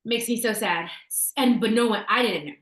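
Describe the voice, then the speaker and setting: A little high and fairly quick, with a fairly bright tone, a woman co-hosts a casual talk show and passes along essential oil tips. She chats through a story using fillers and restarts, and the recording has a roomy echo.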